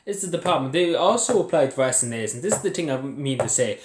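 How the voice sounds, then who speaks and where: A man's voice: mid-range voice, lively intonation, fast talker, heavy background noise. A young Irish man angrily ranting to his camera at home, swearing and laughing bitterly at what he reports. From Ireland. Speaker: vlogger. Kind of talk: angry ranting commentary to camera. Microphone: phone or camera set on its side. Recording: echoey room.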